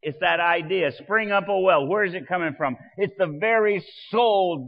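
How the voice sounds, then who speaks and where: A man preaching a sermon as pastor, swelling loud and dropping soft. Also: high voice, moderate pace, few pauses, big-room sound, dull audio.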